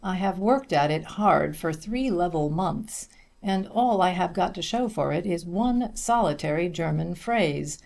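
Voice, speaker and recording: A man reading aloud the rueful words of a weary young male student, in a slow, slightly gravelly voice. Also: high-pitched, animated, a little mellow, heavily acted. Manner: plain, rueful confession.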